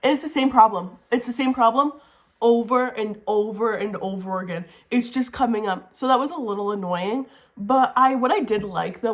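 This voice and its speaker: A young woman gushes about books straight into her camera at home, excitable and prone to saying everything twice. She swears casually and talks in a chatty vlog style. Her voice sits at an ordinary middle pitch. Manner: gushing, excitable, swears casually, repeats herself. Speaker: book vlogger. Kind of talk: casual reading wrap-up vlog. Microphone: camera mic, talking to camera.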